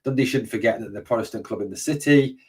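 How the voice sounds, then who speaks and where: A man's voice: mid-range voice, fast, husky, far from the mic. A man hosting a live stream, reading viewer comments and answering bluntly, often swearing and saying "mate". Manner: blunt and swears freely, says "mate" and "obviously" a lot. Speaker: host of a fan channel.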